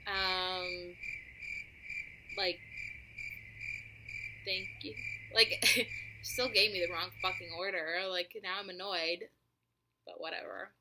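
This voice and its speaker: A woman in her twenties telling a story to camera in a chatty, animated way, swearing freely and filling her talk with likes and ums. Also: fairly low pitch, slow, pauses often, background noise. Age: 20s. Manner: animated, profane, chatty with many fillers. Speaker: vlogger.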